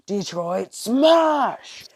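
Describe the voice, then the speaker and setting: A narrator voicing a big, muscular adult male hero with booming, commanding shouts, in a fan-made spoken story. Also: very animated, drawn-out words, husky, dry recording, studio quality, exaggerated voice. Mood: heroic.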